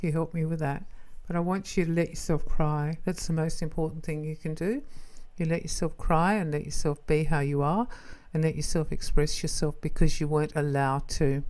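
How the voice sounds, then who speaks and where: A woman hosting a self-help podcast, talking straight to the listener in a gentle, reassuring way. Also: low-pitched. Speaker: podcast host.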